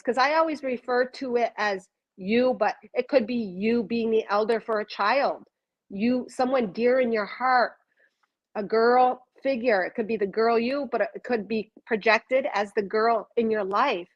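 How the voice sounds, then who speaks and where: A woman giving a live oracle card reading, talking softly and wandering between thoughts with gentle excitement. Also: a little high, dull audio. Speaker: card reader.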